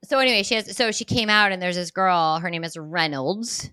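Bright-voiced woman telling animated stories. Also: lowish voice, fairly quick, clean tone, dry recording, clean studio sound. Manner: animated storyteller, swears freely, laughs often. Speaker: podcast co-host; mother of a young daughter. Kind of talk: casual chat.

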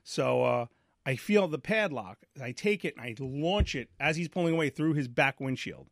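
A man's voice: on the high side, moderate pace, vocal fry, dry recording, clean studio sound. A man, animatedly telling a story on a podcast and acting out the voices in it. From New York. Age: 40s. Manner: animated, acts out voices in his story, repeats himself. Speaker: podcast host. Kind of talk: casual storytelling chat.

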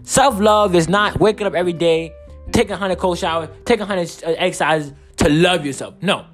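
A man's voice: high voice, brisk, soft background music. A young man hosting a casual solo podcast, talking in a rambling, profane way while saying he is tired. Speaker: podcast host.

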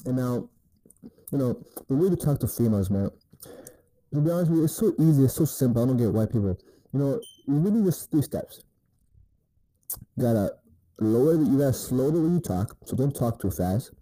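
A man's voice: mid-range voice, expressive, brisk, pauses often, mellow, a little hiss or hum, low-quality recording. A man giving laid-back, profane dating advice in a rambling casual monologue, often asking "you know what I mean".

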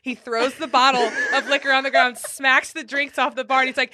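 A woman's voice: high voice, fairly even intonation, a little fast, sharp tone. A woman co-hosting a podcast, chatty and laughing easily in casual conversation, with some swearing. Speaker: podcast co-host. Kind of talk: casual chat.

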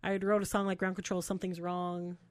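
A woman telling a story to friends in casual chat, animated and acting out the quotes, laughing often. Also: lowish voice, brisk, dry recording, studio quality. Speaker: podcast guest telling a fan story.

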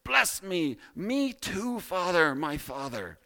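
A man's voice: sits high, very animated, slow, bright, forceful tone, voice pushed up, exaggerated voice. A man reading out the lines of an anguished grown son, raising his voice to plead with his father.

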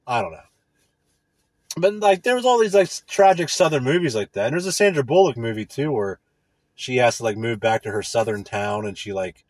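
A man ranting comedically, rambling and swearing, full of fillers, swinging between loud bursts and mutters. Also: medium pitch, no room sound. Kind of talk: profane comedic rant.

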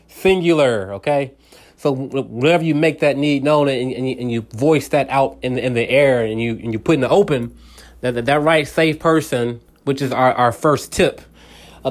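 Earnest rambling male talk host. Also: mid-range voice. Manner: earnest, rambling, frequent restarts and fillers; friendly, speaks directly to listener. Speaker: radio show host. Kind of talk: casual motivational talk.

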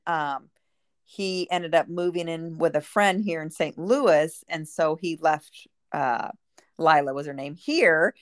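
Chatty middle-aged woman, lowish voice. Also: smooth, dry recording, studio quality. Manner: chatty, rambling with many fillers. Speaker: guest. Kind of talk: casual chat.

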